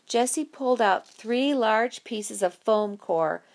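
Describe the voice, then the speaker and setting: Lively gravelly woman narrator. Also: a little high, slow pace. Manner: lively, expressive storytelling. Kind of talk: audiobook narration.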